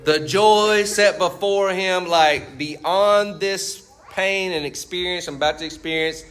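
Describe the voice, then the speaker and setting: With a high, fairly bright voice, fairly even intonation and a slightly slow delivery, this male pastor gives a conversational sermon. He poses fill-in-the-blank questions to the congregation and ends points with "right?" and "you see what I'm saying?"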